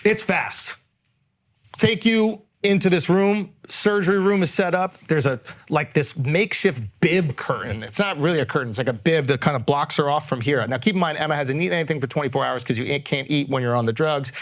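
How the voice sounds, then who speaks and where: A man in his thirties, a podcast host, telling a story in casual, animated talk and swearing freely. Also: on the high side, fairly quick.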